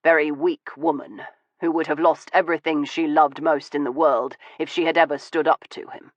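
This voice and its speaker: A man voicing a wounded, weary Victorian gentleman who speaks in a low, measured and bitter way in an audiobook. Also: steady tone, no room sound, lightly acted. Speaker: audiobook voice of a male character. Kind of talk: audiobook dialogue reading. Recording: dull, dry studio audio.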